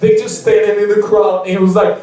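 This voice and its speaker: A man's voice: high-pitched, level tone, brisk, dark tone. A young man doing rambling stand-up storytelling at an open mic, restarting sentences and laughing often. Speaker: stand-up comedian. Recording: echoey room, mic far off.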